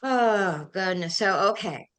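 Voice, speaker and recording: An older woman, a guest on a talk show, telling animated and emotional stories. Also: mid-range voice, takes it slowly. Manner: animated, emotional storyteller who gets carried away. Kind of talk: anecdotal storytelling in a chat.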